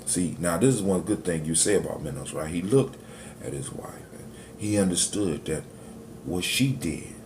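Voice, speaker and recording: A man's voice: low-pitched, lively intonation, moderate pace, darkish tone, slight background noise. A man teaching in a preachy, motivational way and speaking straight to his listeners as family. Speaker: spiritual teacher.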